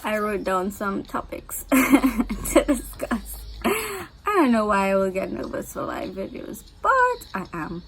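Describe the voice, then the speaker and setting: A woman's voice: medium pitch, sing-song, takes it slowly, a little hiss or hum, rough recording. A woman, a dietitian chatting casually in a vlog from her home kitchen, bubbly and giggly. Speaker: dietitian vlogger.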